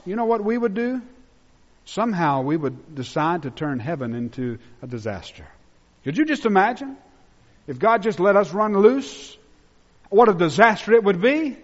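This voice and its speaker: A male pastor preaching a sermon, swinging between loud emphatic peaks and hushed low drops. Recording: muffled sound with long reverb in a large hall.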